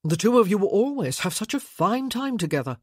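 A mild, unhurried husband who speaks gently, as a woman reader plays him. The voice is husky with a lively pitch range. It sounds close and dry, like a storybook recording. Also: no room sound. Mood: calm gentle. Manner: gentle, soothing.

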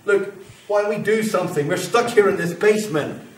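A man's voice: mid-range voice, big pitch swings, normal speed, a little hiss or hum, lightly acted. A man acting a grandiose, lonely figure who is fire itself, in a live spoken-word stage show, swinging between boasting and apology. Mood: lonely apologetic. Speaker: stage performer. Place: theatre stage. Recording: roomy live venue from far off.

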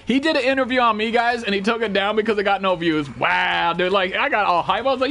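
A man's voice: high voice, fast talker, gravelly, few pauses, bright, forceful tone. A young man streaming a game live, greeting viewers and joking in loose, profane, rambling talk. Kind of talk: live gameplay stream chat.

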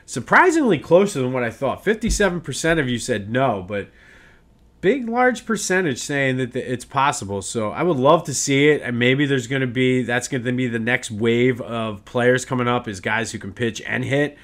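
A man's voice: mid-range voice, expressive, normal speed, a bit bright. A man hosting a casual solo sports podcast, ranting in a worked-up way with many restarts.

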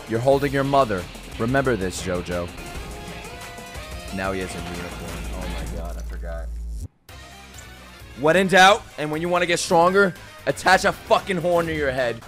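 A man reacting to an anime episode, talking back at the screen in excited bursts, joking, swearing and laughing. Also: mid-range voice, normal speed, pauses often, soft background music. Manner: excitable, shouting outbursts and swearing; jokey running commentary, laughs often. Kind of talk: live reaction commentary.

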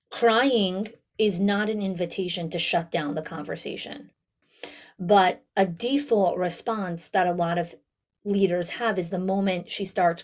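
A woman coaching school leaders in an online town hall, talking directly and lively to her audience. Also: medium pitch. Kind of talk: webinar talk.

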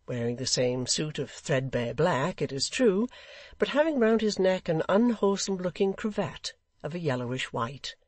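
A man narrating a classic novel audiobook in a measured, deliberate way. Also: mid-range voice, dry recording.

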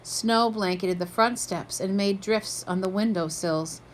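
A woman's voice: medium pitch, unhurried, slight background noise, poor audio. A woman reading a children's picture book aloud, lifting her voice for the characters' quoted lines. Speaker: storybook reader.

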